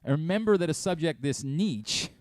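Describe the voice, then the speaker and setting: A man with a fairly high voice hosts a radio show, chatting casually in the studio at a moderate pace. He's animated and rambling, often cutting himself off mid-thought. It's a studio mic with no room sound.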